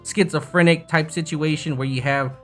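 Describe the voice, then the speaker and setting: Laid-back, profane young man explaining software. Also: on the high side, fairly even intonation, moderate pace, faint music behind. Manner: loose, profane, self-mocking chatter. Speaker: YouTube tutorial host. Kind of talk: casual software tutorial. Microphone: desk microphone with bass-boosting EQ.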